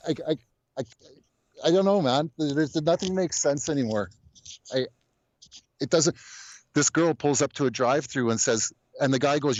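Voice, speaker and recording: A man's voice: a little high, moderate pace, pauses often, a little mellow, no echo, dull audio. A man calling in to a casual talk show, blunt and exasperated, often stammering as he restarts his sentences. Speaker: caller. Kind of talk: casual call-in chat.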